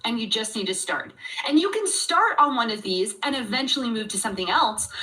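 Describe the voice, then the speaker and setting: A woman coaching an online audience on a livestream, animated and talking straight to them, often acting out what a customer thinks. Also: fairly high pitch, recorded from a distance, poor audio. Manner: animated, acts out customer thoughts, addresses audience directly. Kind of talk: livestream teaching talk.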